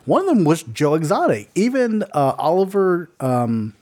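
A young man co-hosting a podcast, chatting casually in a rambling, animated way, with lots of fillers and swearing. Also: on the high side, moderate pace. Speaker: podcast co-host. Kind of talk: casual chat.

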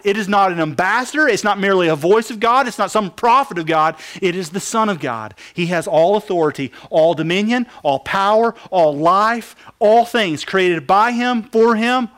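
A man's voice: high-pitched, fairly bright tone. A man preaching a sermon, asking the congregation questions and answering them with emphasis. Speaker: pastor.

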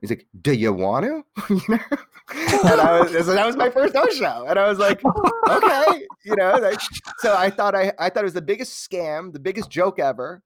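With a high, brisk voice, a Los Angeles man shares his life story in an interview, candid and animated, often restarting his sentences and cursing casually.

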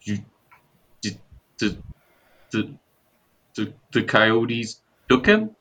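A man's voice: on the low side, big pitch swings, pushed and bright, husky, exaggerated voice. A man playing an earnest, stammering big dog. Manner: halting, stammering. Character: big sturdy male pit bull mix dog, earnest and slow.

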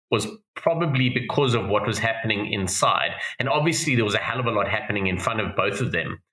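A man's voice: lowish voice, sharp tone. A man, co-hosting a podcast and talking through rugby analysis in a rambling way, with many restarts. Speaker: podcast co-host. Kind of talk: casual rugby analysis chat. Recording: roomy echo.

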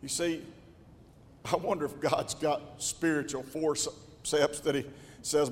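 Folksy preacher in a reverberant church. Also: male voice, fairly high pitch, steady tone, slow, long pauses. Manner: folksy, drawling, swells into shouting. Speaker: pastor. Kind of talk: storytelling sermon.

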